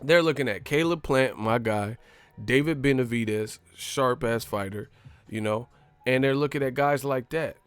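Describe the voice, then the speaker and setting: A man's voice: mid-range voice, normal speed, clean tone, no echo, faint music behind. A man hosting a casual live stream, talking in a loose, slangy, profane way and laughing as he tells stories. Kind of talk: casual boxing talk.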